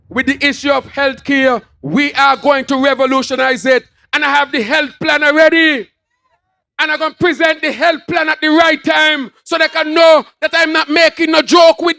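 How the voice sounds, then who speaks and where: A man with a Kittitian accent giving a rousing political rally speech, shouting his lines in repeated, punchy phrases to an outdoor crowd. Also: very high voice, creaky, dry recording. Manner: shouted, rousing, repetitive call-and-response phrasing.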